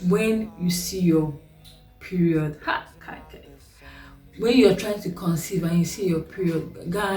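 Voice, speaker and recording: An animated young Nigerian woman recounts a personal story in vlog style, laughing often and leaping up in pitch. Her voice sits a little back from the mic in an echoey room. Faint music plays underneath. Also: distant mic. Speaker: vlogger.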